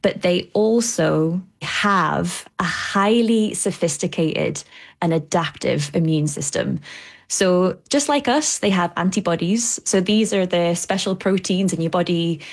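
A woman's voice: fairly low pitch, measured pace. A woman scientist explaining biology for radio in plain, enthusiastic terms. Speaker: shark scientist.

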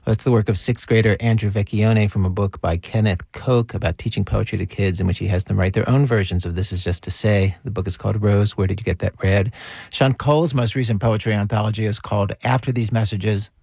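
A man's voice: lowish voice, steady tone, fairly quick, gravelly, darkish tone, slightly rough, no echo. A man hosting a radio show, chatting with a guest and introducing segments. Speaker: radio host. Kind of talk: scripted radio presenting and chat.

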